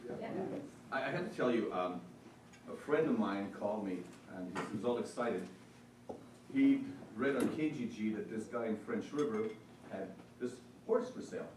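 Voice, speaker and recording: A man's voice: on the low side, lively intonation, normal speed, noisy background. Man giving an earnest forum speech. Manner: storytelling, earnest, repeats himself for emphasis. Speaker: small business consultant speaking at a forum. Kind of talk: motivational speech to an audience. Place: meeting hall. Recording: echoey hall, mic far off, faint ambience.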